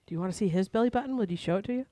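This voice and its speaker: A woman's voice: mid-range voice, racing, mellow, dry recording, studio quality. A woman co-hosting a crude casual chat podcast, blunt and teasing, laughing often. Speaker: podcast co-host. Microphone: home microphone on a stand.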